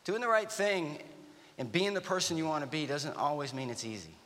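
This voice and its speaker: A man's voice: fairly high pitch, a little fast. A man in his fifties, an army veteran giving a guest talk at a church, telling stories and acting out dialogue. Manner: animated storytelling with acted-out dialogue. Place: church auditorium. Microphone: stage microphone. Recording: reverberant church hall.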